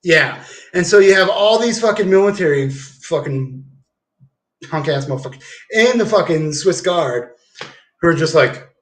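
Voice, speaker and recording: A man's voice: on the high side, animated, normal speed. A man rambling and swearing through a meandering livestream monologue at home. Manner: rambling, profane, meandering with fillers.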